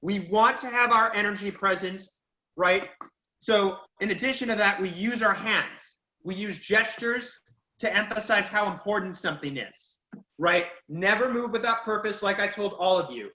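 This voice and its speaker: A man's voice: high voice, normal speed, bright, forceful tone. A man teaching a public speaking class, giving feedback and recapping the lesson in an encouraging, emphatic way. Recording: lo-fi echoey room audio.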